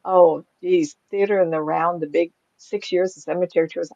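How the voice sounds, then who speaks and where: A woman's voice: on the low side, fairly even intonation, moderate pace, creaky, mellow, dry recording, lo-fi sound. An older woman, a psychic medium, telling stories from her life in a chatty way, often laughing and acting out the voices of people she quotes, recorded at home. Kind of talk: casual storytelling.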